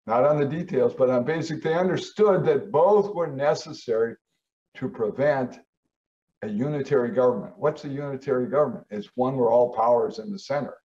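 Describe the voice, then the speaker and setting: A man's voice: a little fast, a little mellow. Emphatic man lecturing, muffled and distant. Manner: emphatic, stresses key words with rising pitch. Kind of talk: lecture on founding history.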